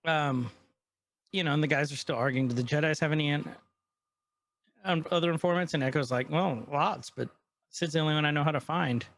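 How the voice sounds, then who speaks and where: Speaking fairly quickly at a fairly high pitch, with long pauses, a podcast co-host animatedly walks through an episode in casual chat and quotes its characters. A little hiss or hum sits under the audio.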